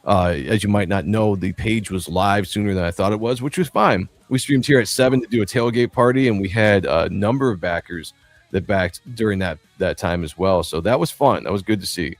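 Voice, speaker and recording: A man hosts a livestream in a loose, rambling, jokey way, often breaking into laughter. His voice sits fairly low and sounds dry and close. Faint music plays underneath. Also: fairly quick, no room sound. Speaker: livestream host. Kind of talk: casual livestream chat.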